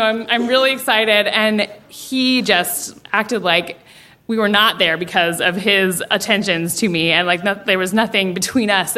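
A young woman telling a personal story at a live story slam, animated and laughing as she acts out the voices of the people in it. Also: mid-range voice. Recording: live event with audience and some noise. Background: audience.

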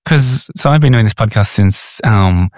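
A man's voice: on the low side, lively intonation, moderate pace, darkish tone, dry recording. An Australian man hosting a podcast and interviewing a guest in a chatty, playful way with frequent restarts. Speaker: podcast host. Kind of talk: conversational interview.

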